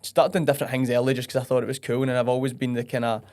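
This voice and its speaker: Fast-talking young West of Scotland man. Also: medium pitch, flat delivery, darkish tone. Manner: blunt and sweary, with lots of fillers. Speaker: podcast guest. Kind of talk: casual chat.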